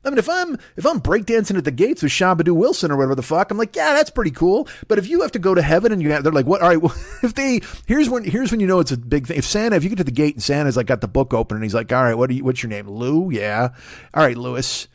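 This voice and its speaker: Middle-aged male comedian, solo podcast monologue, swooping lively pitch, dry close-mic sound, profane and rambling. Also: quick pace, no room sound. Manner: rambling, profane, acts out characters in put-on voices.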